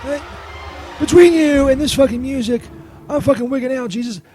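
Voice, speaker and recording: A male co-host uses a very high voice at normal speed to portray a whiny, battered male saint in a comedic radio segment, profane, stammering and perpetually baffled. Loud music plays behind him, along with slight background noise.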